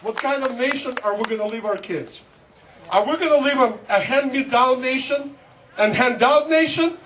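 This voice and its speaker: A man's voice: extremely high pitch, moderate pace. A man from Russia, giving a fervent speech to a crowd at an outdoor rally and repeating a slogan. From Soviet Union (Russia). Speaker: guest speaker at a political rally. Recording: distant mic, loud crowd and noise.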